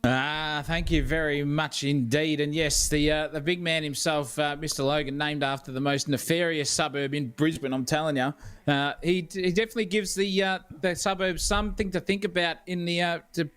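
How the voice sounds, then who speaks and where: A man's voice: a little high, steady tone, moderate pace, fairly bright tone, clean tone. A man with an Australian accent doing live sim racing co-commentary, chatty and jokey with a rambling flow.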